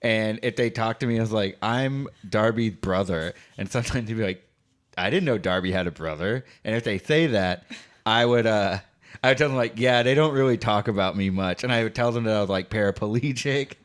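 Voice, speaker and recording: A man hosting a casual chat while playing a video game, relaxed and self-amused. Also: fairly low pitch, brisk. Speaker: host.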